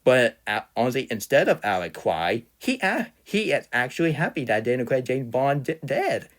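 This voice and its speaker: Young man, heated fan rant, insulting, stumbling restarts, middle-pitched voice. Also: big pitch swings, moderate pace. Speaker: fan ranter. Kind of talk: unscripted ranting commentary.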